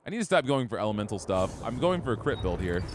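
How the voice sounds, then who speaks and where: A man's voice: fairly low pitch, very animated, fast talker, noisy background. A young man streaming a game, chatting casually and easygoing with his viewers. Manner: easygoing, chatty, talks to chat. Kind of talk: casual gameplay chat.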